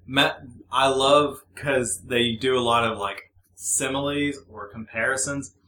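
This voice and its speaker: A young man with a bright, edgy tone, talking bluntly and sardonically on a podcast. He is recorded in an echoey room with faint noise behind him. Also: mid-range voice, steady tone, measured pace. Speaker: podcast host. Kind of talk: casual chat.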